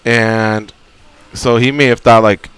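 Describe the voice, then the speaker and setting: A man who is a regular on a radio talk show, telling stories in a lively way and acting out the scenes. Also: mid-range voice, slow pace, clean tone, no room sound. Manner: animated storyteller acting out scenes. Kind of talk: casual radio chat.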